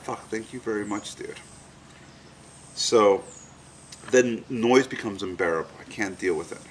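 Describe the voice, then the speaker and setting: A man's voice: on the low side, unhurried, slight background noise. A man in an interview recounting a personal experience frankly, swearing freely and telling it vividly. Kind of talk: candid storytelling in an interview.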